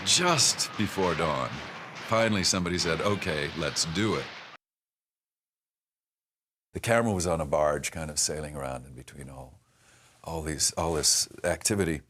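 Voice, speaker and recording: An older man, an actor, thoughtfully recalling his work in a reflective interview, speaking in a measured way with restarts and pauses. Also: extremely low pitch, bright, forceful tone, slight background noise. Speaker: actor recalling a past production.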